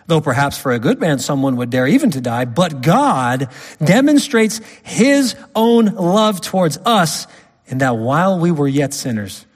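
A man preaching a sermon, emphatic, swinging from loud stresses to quiet drops. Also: medium pitch, slightly rough. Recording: long hall reverb.

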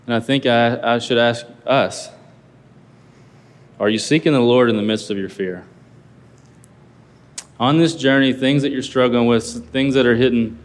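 A male pastor preaching a sermon earnestly, asking his listeners rhetorical questions. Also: medium pitch. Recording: long reverb of a large hall.

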